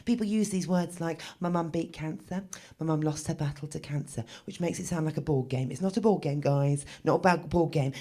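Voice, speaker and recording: A woman in her thirties delivers a stand-up comedy set. Her humour is dark and self-mocking, told in a wry, conversational way. Every so often she breaks into a loud, exaggerated outburst. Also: fairly low pitch.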